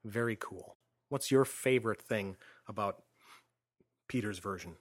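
A man in a casual film discussion, speaking in a measured, informative way and steering the talk. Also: on the low side, dry recording, studio quality. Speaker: co-host.

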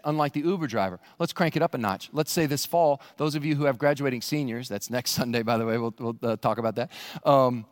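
A male pastor preaching a sermon in a church, animated and rising to near-shouts for emphasis. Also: a little high, a little fast, in a large hall. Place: church sanctuary.

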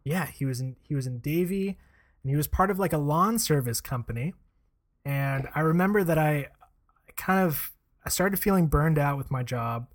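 Casual male podcaster, rambly filler-heavy delivery, slightly high pitch. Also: lively intonation, normal speed. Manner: rambling, lots of "like" and "you know" fillers. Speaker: co-host, former aviation salesman.

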